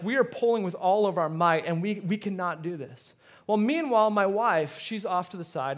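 A man with a high voice preaches a sermon. He is middle-aged and tells stories, often repeating a word before pushing on with rising emphasis. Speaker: pastor.

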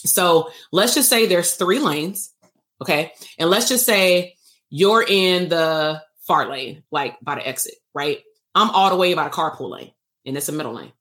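A woman therapist teaching casually on a livestream, animated and playful, acting out exchanges and swearing lightly. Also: lowish voice, measured pace. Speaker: therapist leading workshops.

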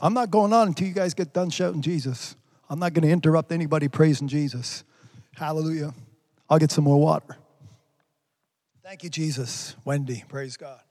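During a livestreamed sermon, a male pastor with a dark-toned voice on the high side speaks at a moderate pace. Between viewers' comments, which he reads out fervently, he exclaims praise.

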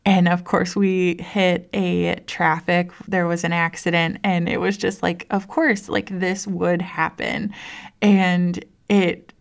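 A woman's voice: fairly low pitch, level tone, slow, gravelly. A young woman and mother talking casually to listeners about parenting, chatty and full of "like" and restarts. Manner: chatty, says "like" constantly, restarts often. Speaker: mom sharing parenting stories. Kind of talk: casual personal talk to listeners.

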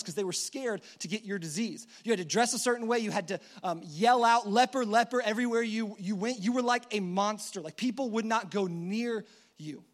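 High-voiced casual male preacher. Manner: casual, conversational, animated storytelling. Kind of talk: sermon.

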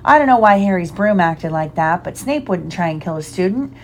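A woman voicing a big, gruff, secretive male groundskeeper in a storybook reading. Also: on the low side, animated, brisk, slight background noise. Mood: heated. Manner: gruff, insistent.

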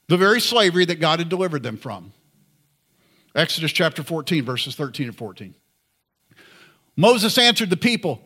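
A man's voice: sits high, expressive, moderate pace, pushed and bright. A man preaching a sermon in an earnest, conversational way. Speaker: pastor.

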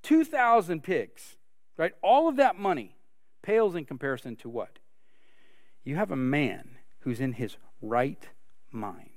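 A man's voice: on the high side, lively intonation, unhurried, no room sound, studio quality. A man preaching a sermon, earnest and full of rhetorical questions. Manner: earnest, asks rhetorical questions, many restarts. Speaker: pastor.

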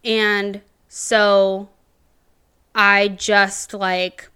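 Young female teacher-podcaster with a crisp, bright voice. Slow, raw, profane personal storytelling. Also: medium pitch, level tone. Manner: candid, profane, rambling with many fillers. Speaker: podcast host.

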